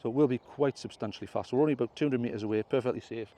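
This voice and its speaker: Guy on a hill, mellow voice, rambling through drone settings, bit of a cough. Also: medium pitch, racing. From England. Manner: chatty step-by-step explaining, self-correcting. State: clearing his throat, slight cough. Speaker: drone vlogger. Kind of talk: casual tutorial commentary. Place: outdoors on a hill.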